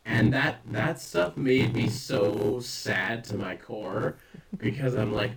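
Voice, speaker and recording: A man's voice: medium pitch, slow pace, vocal fry, distant mic, noisy background. A man chatting casually as a podcast co-host, rambling and swearing often with self-mocking humor. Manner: rambling, profane, self-deprecating. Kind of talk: casual chat.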